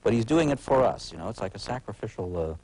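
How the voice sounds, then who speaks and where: Very deep-voiced wry man in his forties. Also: lively intonation, warm tone, husky, rough recording. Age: 40s. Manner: halting, wry, full of uh's and restarts. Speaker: TV critic guest. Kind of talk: casual talk-show conversation. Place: TV talk show studio.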